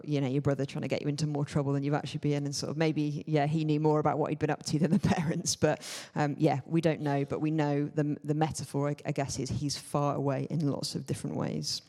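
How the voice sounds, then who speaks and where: A man's voice: fairly high pitch, flat delivery, fast talker, few pauses, warm tone. A man giving a conversational sermon, informal and hedging, with many fillers and asides. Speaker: church speaker. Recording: long hall reverb.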